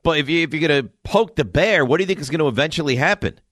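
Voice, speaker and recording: Animated sports radio co-host, man. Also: fairly high pitch, rapid-fire, no room sound, clean studio sound. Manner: animated, laughing, dramatic mock growls. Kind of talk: casual studio banter. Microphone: studio microphone.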